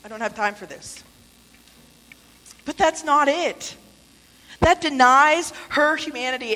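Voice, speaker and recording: Woman, sermon, conversational, playful asides, fairly high voice, long church reverb. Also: fairly bright tone. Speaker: preacher. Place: church sanctuary.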